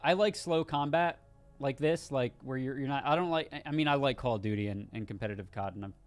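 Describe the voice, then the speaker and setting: A man's voice: mid-range voice, fast. A man co-hosting a casual gaming news show, rambling a bit with restarts as he reads out the news. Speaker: co-host.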